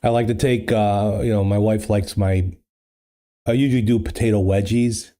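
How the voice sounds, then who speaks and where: A man's voice: lowish voice, steady tone, normal speed, warm tone. A man hosting a casual livestream chat, rambling with many fillers and restarts into a studio microphone. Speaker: livestream host.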